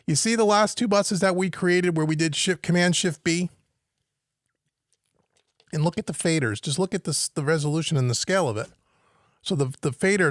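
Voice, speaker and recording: This man's voice is a little high, recorded cleanly with no echo in his home studio. He's live-streaming a software walkthrough on home recording, musing aloud and trying to make sense of what he sees on screen.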